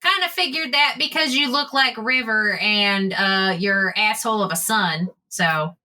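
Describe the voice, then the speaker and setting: A woman's voice: mid-range voice, a little slow. A woman playing in a tabletop game, talking through her character's plans with joking asides. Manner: animated, joking. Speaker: player.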